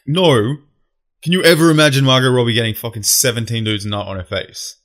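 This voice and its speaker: A man's voice: medium pitch, steady tone, a little fast, fairly bright tone. A young Australian man co-hosting a podcast, teasing and bluntly disagreeing in crude casual banter. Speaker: podcast co-host.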